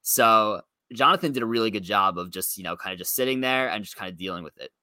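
A man's voice: on the low side, expressive, quick pace, sharp tone, no echo. A man co-hosting a recap podcast, recounting events in a conversational way with fillers. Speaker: podcast co-host. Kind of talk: casual chat.

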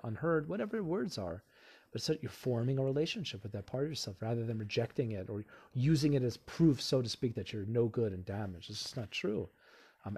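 A man's voice: medium pitch, a little mellow, slightly rough. A man acting as a relationship coach gives casual self-help advice. He talks conversationally, with many fillers such as "you know.". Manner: acts out inner voices in quotes.

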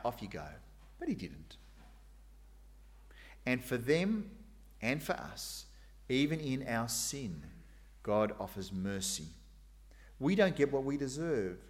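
A middle-aged man preaching a sermon, dramatizing God's questions with sudden raised, emphatic lines. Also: mid-range voice.

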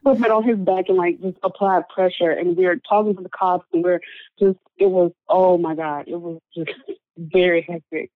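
Through a dry, narrow, phone-like recording without echo, a woman tells a personal story during an interview. She sounds earnest and leans heavily on filler words. Her pitch is on the low side, her tone steady, her speed normal.

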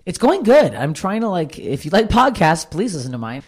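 A woman comedian talking bluntly and swearing freely in a candid conversation, with a low voice. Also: sing-song, normal speed, a little mellow, breathy edge. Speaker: comedian and podcast guest.

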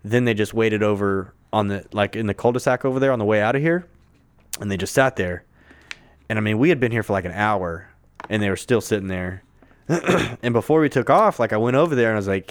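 A man's voice: on the low side, lively intonation, brisk. A man on a podcast telling a long, rambling story in casual chat, full of swearing and fillers, recorded in a conference room. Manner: profane, filler-heavy, rambling.

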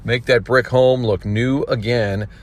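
A man's voice: mid-range voice, fairly even intonation, a little slow. A man hosting a talk radio segment, wrapping up with enthusiasm and reading sponsor mentions. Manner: chatty, enthusiastic wrap-up. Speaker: radio host.

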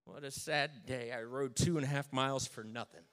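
A man's voice: mid-range voice, normal speed. A man in his thirties telling a humorous personal story, self-mocking and dry. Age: 30s. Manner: self-mocking, dry jokes, lively retelling.

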